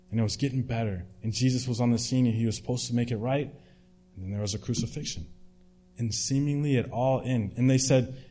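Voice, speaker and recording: A man's voice: mid-range voice, mellow. A man preaching a sermon in a conversational way, retelling a story with restarts and fillers.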